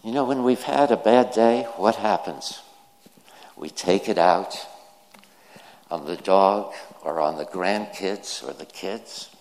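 A man's voice: low voice, slow pace, a little mellow, slight background noise. A man preaching a sermon, telling jokes and stories and acting out the quoted lines. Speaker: pastor. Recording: reverberant hall.

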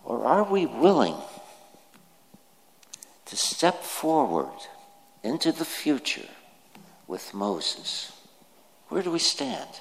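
A man's voice: a little high, huge pitch swings, slow pace, gravelly, pauses often. A man preaching a sermon, telling jokes and stories and acting out the quoted lines. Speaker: pastor. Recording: reverberant hall.

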